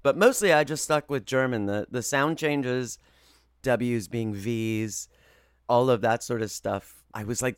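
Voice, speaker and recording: A man who works as a voice actor, telling stories in an interview in a lively, expressive way. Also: medium pitch, a little slow, no echo, clean studio sound. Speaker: voice actor guest. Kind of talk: animated interview storytelling.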